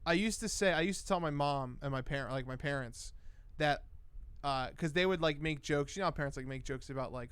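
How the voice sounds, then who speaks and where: A young man chatting on a late-night stream, his voice smooth and clear and a little high. He rambles and swears as he reads the chat. The sound is dry and close. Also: a little fast, fairly bright tone, no echo. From Cuban. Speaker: livestream host.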